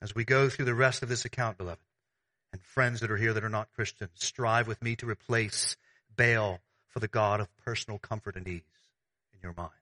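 A man preaching a sermon as pastor, conversational and animated, with everyday analogies. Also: on the low side, moderate pace.

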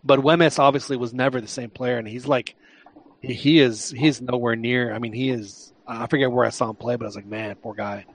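A man co-hosting a soccer podcast, talking through the numbers in a halting way, repeating words. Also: mid-range voice, steady tone. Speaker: podcast co-host. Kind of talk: casual sports chat.

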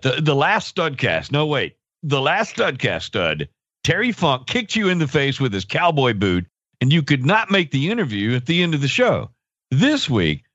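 A man's voice: a little high, fairly bright tone, dry recording. A man co-hosting a podcast, chatting in a playful way and laughing often. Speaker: podcast co-host. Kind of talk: casual chat. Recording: dry, dull lo-fi audio.

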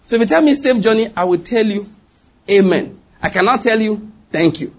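A middle-aged male pastor delivers a sermon in a slightly husky, fairly high voice. He keeps asking whether the congregation is following him. When he leans into a point, he rises sharply in pitch. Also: lively intonation, fast talker. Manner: rhetorical questions to the congregation, rising pitch when emphatic.

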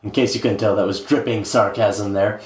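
A man's voice: lowish voice, steady tone, moderate pace, darkish tone. A man co-hosting a casual sports podcast, rambling with many filler sounds as he recaps matches. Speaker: podcast co-host. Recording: roomy echo.

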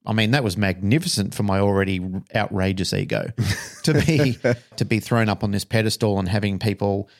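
A man tells a story on a podcast with raw, open emotion and the occasional swear word. His voice sits low and has a rough, gravelly grain. He talks frankly, like a trainer speaking from experience. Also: fairly quick. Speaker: dog trainer and podcast co-host.

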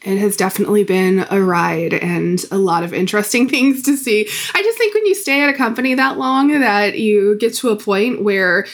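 A woman's voice: medium pitch, moderate pace, few pauses. A woman in her thirties hosting a podcast, chatting in a friendly, casual way and laughing often. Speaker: podcast host. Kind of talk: casual interview chat.

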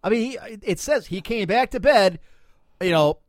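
A man hosting a casual comedy news podcast, his voice a bit high and swinging widely in pitch as he rambles and jokes. He reads news stories aloud between asides. The sound is dry and close with no room echo. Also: expressive, moderate pace. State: coughing, lungs bothering him. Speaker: podcast host.

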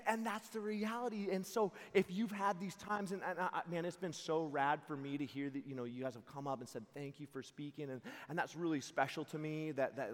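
A young man speaking as a camp preacher, telling stories with lively quoted voices and frequent laughter. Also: medium pitch. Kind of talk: youth camp sermon. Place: large hall before a live audience. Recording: hall reverb.

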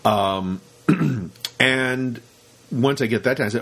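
A man's voice: mid-range voice, slow, gravelly, pauses often, fairly bright tone, slightly rough. A man hosting a casual podcast chat, rambling with many restarts and acting out what his students say. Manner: rambling, repeats words, acts out quoted students. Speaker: podcast host and rope teacher.

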